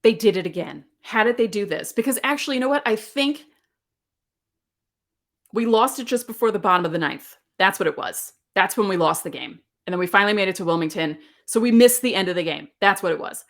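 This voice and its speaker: A woman in her forties hosting a podcast alone, telling sports memories in an animated, candid way. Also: mid-range voice, fairly quick. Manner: animated, candid storytelling with laughs. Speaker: podcast host. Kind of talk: casual solo podcast talk.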